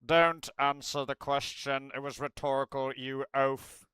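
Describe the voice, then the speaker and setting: A man doing an impression of a stern, sneering male wizard teacher, with a cold, slow, contemptuous drawl. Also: medium pitch, level tone, fairly bright tone, clean tone, dry recording, lightly acted. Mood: disdainful. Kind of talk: impression in a livestream.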